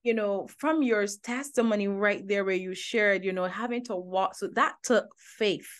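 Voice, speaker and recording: A woman's voice: mid-range voice, moderate pace. Enthusiastic woman interview host. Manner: enthusiastic, encouraging. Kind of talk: casual interview chat.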